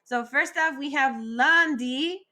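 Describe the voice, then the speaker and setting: A woman teaching a recorded French vocabulary lesson, slowly modeling each word and asking listeners to repeat after her. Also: high voice, bright, forceful tone. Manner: slow, clearly modeled pronunciation with call-and-repeat drills.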